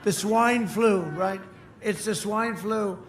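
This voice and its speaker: An older man running for office gives a slow rally speech in a high-pitched voice, bragging and repeating himself as he swings from shouting to muttering. The open-air PA sound booms with echo over faint crowd noise.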